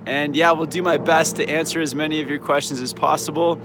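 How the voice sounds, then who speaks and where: A slightly hoarse man hosting a casual live-stream Q&A outdoors, laid-back and upbeat, with lots of "um" and "yeah". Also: a little high, fairly even intonation, brisk. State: slightly hoarse, losing his voice. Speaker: snowboard coach and channel host. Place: outdoors in a mountain town. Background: faint traffic and plane noise.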